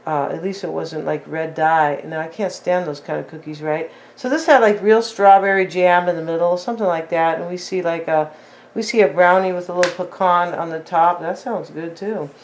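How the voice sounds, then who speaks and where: A woman's voice: on the low side, normal speed, slight background noise, rough recording. A woman giving a casual tarot reading in a rambling, chatty way with many fillers and asides. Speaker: tarot reader.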